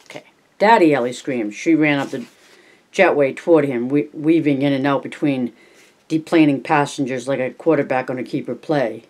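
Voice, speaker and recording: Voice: mid-range voice, normal speed, darkish tone. An amateur reader narrating a novel at home, unpolished, with slips and restarts. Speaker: audiobook reader. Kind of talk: casual audiobook reading.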